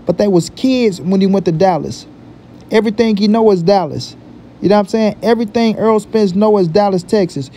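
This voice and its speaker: High-voiced man ranting in street slang. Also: fairly quick, mellow, slight background noise. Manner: emphatic, repetitive, profane street slang. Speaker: boxing commentary vlogger. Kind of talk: casual opinion talk.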